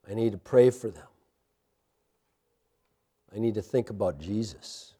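A man preaching a sermon in a church sanctuary, with impassioned rises and a hushed closing prayer. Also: fairly low pitch. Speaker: pastor.

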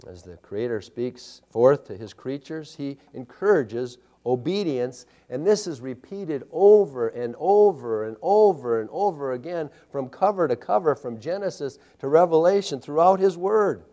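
A man's voice: a little high, expressive, measured pace, hardly any pauses, mellow. A man preaching a sermon, emphatic and building with repeated phrases. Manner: emphatic preaching with rising intensity and repetition. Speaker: pastor.

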